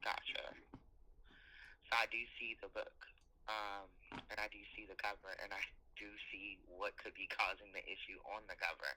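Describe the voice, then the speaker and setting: A man, a customer support manager, answering a complaint call in a calm, polite, procedural way. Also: lowish voice, moderate pace. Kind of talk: customer service phone call. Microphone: telephone. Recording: tinny phone line.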